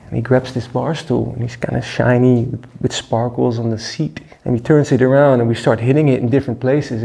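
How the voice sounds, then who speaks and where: A man, a musician, telling stories casually in a relaxed, laid-back way, with lots of fillers. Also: medium pitch, vocal fry. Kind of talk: casual storytelling monologue.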